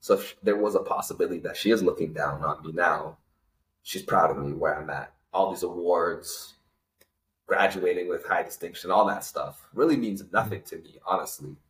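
A man's voice: sits low, normal speed, fairly bright tone, echoey room, rough recording. A young man in his twenties, a guest telling a personal story in an earnest, emotional way with many fillers. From Canada. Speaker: interview guest.

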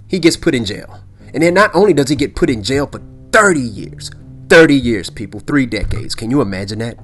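A man hosting a solo podcast, talking casually and emphatically, repeating himself and checking in with "okay?" and "all right?". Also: a little high. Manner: rambling, peppers lines with "okay?" and "all right?". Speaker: podcast host.

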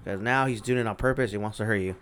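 A man in his thirties hosts a casual podcast, talking fast in a lowish, smooth voice. He's an animated storyteller who swears a lot and acts out the quotes as he goes.

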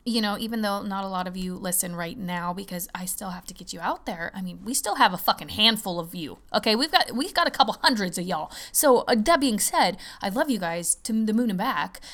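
Gravelly, excitable woman podcast host. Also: mid-range voice. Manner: excitable, fast-talking, swears often. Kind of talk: casual solo podcast chat.

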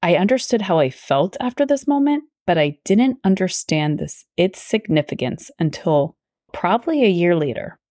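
A woman's voice: lowish voice, lively intonation, normal speed, mellow, no room sound, clean studio sound. A young adult woman hosting a personal faith podcast, telling her story earnestly and drifting into tangents as she quotes her own past thoughts. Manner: earnest, tangent-prone, quotes herself aloud. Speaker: podcast host; teacher.

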